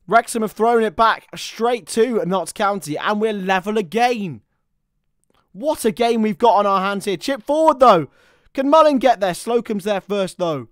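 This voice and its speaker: Excitable male football commentator. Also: high voice, measured pace, no echo, studio quality. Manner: excitable, bursts into shouts at chances and goals; chatty asides to listeners. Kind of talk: live football match commentary.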